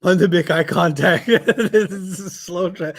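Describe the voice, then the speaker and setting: A man's voice: sits high, slow, fairly bright tone. A man teaching an Arabic class over a video call, casual and playful, telling stories with exaggerated voices.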